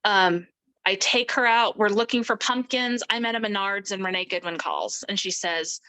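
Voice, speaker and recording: A woman's voice: medium pitch, moderate pace, bright, forceful tone, rough recording. A middle-aged woman, an interview guest, recounting a personal story emphatically and acting out the people she quotes.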